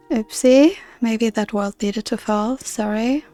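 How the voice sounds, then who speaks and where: A woman's voice: a little high, warm tone, no echo, faint music behind. A woman casually commenting on her gameplay in a playful, chatty way. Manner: playful, chatty, quick to laugh. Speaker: game streamer.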